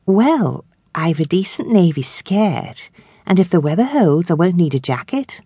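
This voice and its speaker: A woman reading an audiobook, voicing a shy young woman who speaks softly and hesitantly. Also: on the low side, very animated, a little slow, slightly rough, no room sound, studio quality, pitched above the performer's own voice, exaggerated voice. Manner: hushed and hesitant.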